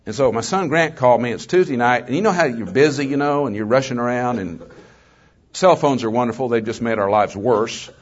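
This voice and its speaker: An older man speaks to a gathered audience in a folksy, conversational testimony, slipping in joking asides between stories. His voice sits at an ordinary male pitch, and the recording sounds a bit dull and lo-fi. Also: fairly quick. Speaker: guest speaker, former mayor. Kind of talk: storytelling testimony talk to an audience.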